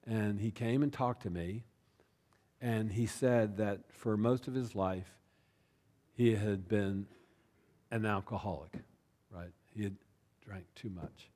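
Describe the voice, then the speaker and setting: A pastor telling a personal story in a sermon, chatty and self-deprecating, often tossing in "right?" and "you know.". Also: male voice, lowish voice, steady tone, slow pace, long pauses, warm tone. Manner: conversational, with frequent "right?" and "you know" asides.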